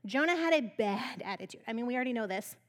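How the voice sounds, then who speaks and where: A woman's voice: a little high, animated, quick pace. A woman preacher giving a sermon, telling a Bible story in a humorous, conversational way.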